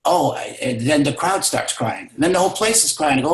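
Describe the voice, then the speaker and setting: A man's voice: fairly high pitch, expressive, brisk, few pauses. Emphatic man telling a motivational story. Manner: emphatic, repetitive for stress. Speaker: guest, business mentor. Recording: roomy echo.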